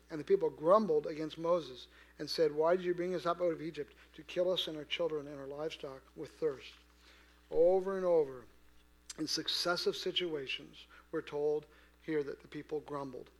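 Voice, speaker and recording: A man preaching a sermon in a conversational way, asking his listeners questions and swinging from quiet to loud. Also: sits high. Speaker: pastor.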